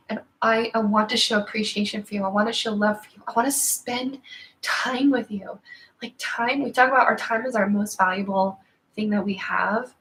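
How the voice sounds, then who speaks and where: A woman's voice: mid-range voice, steady tone, normal speed, a bit bright, low-quality recording. A woman in her thirties hosting a live-stream motivational talk in a casual, earnest, chatty way with slang. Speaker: host of a live video show.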